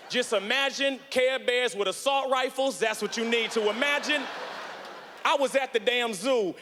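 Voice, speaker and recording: A man performing an animated stand-up set on a big theater stage, shouting his punchlines and acting out voices into a handheld mic, with live hall reverb. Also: very high-pitched, noisy background. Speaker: stand-up comedian.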